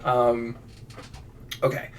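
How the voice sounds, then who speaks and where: Words drawn out in a completely flat, medium-pitched delivery, a man live-streams his fiction writing. He rambles casually through viewer prompts, restarting a lot and putting himself down in asides. He's positioned somewhat far from the microphone.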